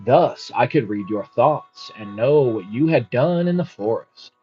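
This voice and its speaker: A man voicing a humble, wise housewife who speaks plainly, calmly and firmly. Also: mid-range voice, measured pace, lightly acted. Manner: plain, calm and firm. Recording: muffled with faint music.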